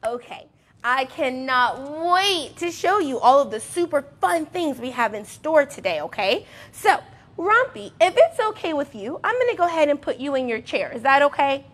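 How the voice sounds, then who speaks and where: A young woman teaching a sing-song music and movement class for toddlers, bubbly and encouraging, with excited gasps. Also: sits high, normal speed.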